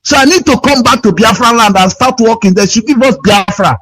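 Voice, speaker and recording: A man's voice: very high-pitched, fairly quick, fairly bright tone, slightly rough. A Nigerian man calling in to a radio show, complaining in an aggrieved, repetitive, pleading way over a phone line. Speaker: caller.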